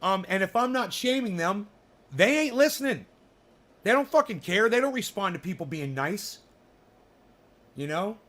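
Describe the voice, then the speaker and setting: A man's voice: sits high, big pitch swings, normal speed, pauses often, fairly bright tone. A man hosting his own show, talking casually in a rambling, blunt and profane way. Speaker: host of a cannabis show. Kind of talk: casual chat.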